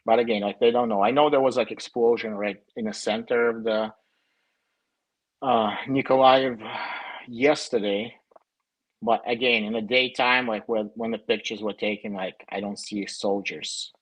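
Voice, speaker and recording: A man's voice: on the low side, steady tone, normal speed, dry recording, rough recording. A young man with a Ukrainian accent who grew up in Ukraine, answering questions over a video call in a casual, hesitant way with many fillers. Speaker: guest.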